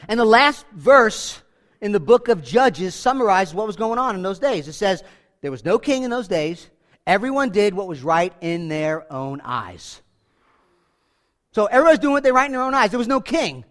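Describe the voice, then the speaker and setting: Animated male preacher with a high voice, casual sermon delivery, acts out bits of dialogue. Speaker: pastor.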